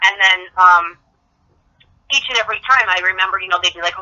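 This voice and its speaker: A middle-aged woman guest tells stories chattily in a casual phone interview, acting out the dialogue she quotes. Her medium-pitched voice is fairly quick with a sharp tone, and the phone-line audio sounds dull.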